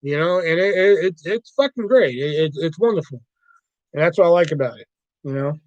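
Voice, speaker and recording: Man, casual livestream host, profane, rambling, slightly high voice, dry close sound. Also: fairly quick, a little mellow, dry recording, lo-fi sound. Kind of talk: casual chat about movies.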